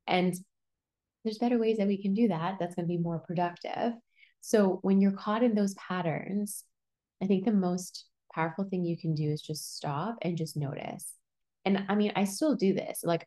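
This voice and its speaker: A woman's voice: fairly low pitch, warm tone. A young woman hosting a solo personal-growth podcast, talking in a casual, reassuring way with lots of "like" fillers. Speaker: podcast host.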